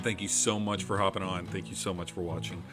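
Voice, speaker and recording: A man's voice: low voice, steady tone, fast, music in the background. A man hosting a podcast, wrapping up in a casual, rambling chat and restarting phrases as he goes. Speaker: podcast host.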